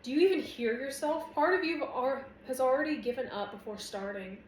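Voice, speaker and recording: A woman's voice: a little high, lively intonation, fairly quick, roomy sound, slight background noise, natural voice, rough recording. Brooding young warrior lover, read by a woman. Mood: intense. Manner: blunt, intense.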